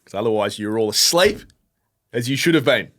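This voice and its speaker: A man's voice: medium pitch, lively intonation, a little fast, fairly bright tone. Opinionated Australian man on a podcast. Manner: opinionated, laughs easily, restarts often. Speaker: podcast co-host. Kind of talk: casual chat.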